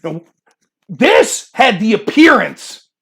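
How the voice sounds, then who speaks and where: Animated high-pitched male livestream host. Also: takes it slowly, vocal fry. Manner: argumentative, acts out mocking quoted voices. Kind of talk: political commentary monologue.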